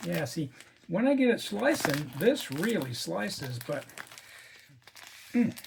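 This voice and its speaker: A man's voice: sits high, big pitch swings, slow pace, gravelly, noisy background. A man giving casual unboxing commentary as a coin collector, chatty and amazed, muttering asides as he works.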